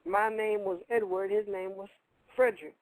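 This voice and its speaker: A man with a high, gravelly voice spins a rambling yarn on a radio show, talking casually and looping back over his own phrases. His voice is close and dry, with no room around it. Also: moderate pace, dry recording, rough recording. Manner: rambling, colloquial, repeats phrases. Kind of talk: casual storytelling.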